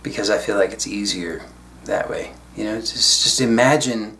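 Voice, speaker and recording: A man speaking as a spiritual teacher in a solo video talk, reflective and unhurried with casual asides. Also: on the low side, sharp tone.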